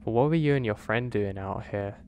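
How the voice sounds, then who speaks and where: A man's voice: lowish voice, a little fast, darkish tone, a little hiss or hum, natural voice. A man voicing an odd, blunt rural gas station attendant who asks pushy questions. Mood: insistent.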